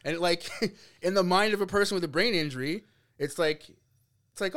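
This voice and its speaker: A young man from Canada telling a story in casual podcast chat, animated and laughing, acting out quotes. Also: on the high side, fairly quick. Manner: animated, laughs often, acts out quotes, swears. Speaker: podcast guest.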